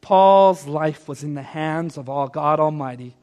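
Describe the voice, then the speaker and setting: A man with a high voice preaches a sermon, shifting between hushed reflection and loud, emphatic declarations. His voice carries a long reverb through a large hall. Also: unhurried, smooth. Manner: dynamic preaching, swinging from soft to loud. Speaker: pastor.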